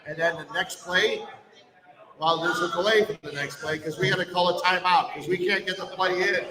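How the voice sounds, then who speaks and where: A man with a slightly high voice hosts a live sports talk podcast, laying out blunt, emphatic opinions. He sits some distance from the mic in a long-reverb hall. A crowd murmurs steadily behind him. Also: steady tone, moderate pace. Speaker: sports radio host. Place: brewery release party, indoors. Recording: echoey hall, mic far off, crowd chatter.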